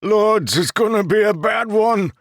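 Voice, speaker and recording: A man's voice: high voice, unhurried, no echo, clean studio sound, pitched above the performer's own voice. A man voicing a panicked male lookout on a bridge crew who screams warnings in horror. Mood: horrified yelling.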